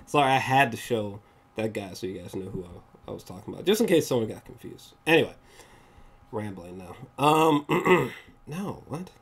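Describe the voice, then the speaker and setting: A man's voice: lowish voice, lively intonation, normal speed, creaky, husky. A man giving a casual, rambling movie review, swearing often and acting out scenes in raised voices. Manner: rambling, swears often, searches for pictures mid-talk.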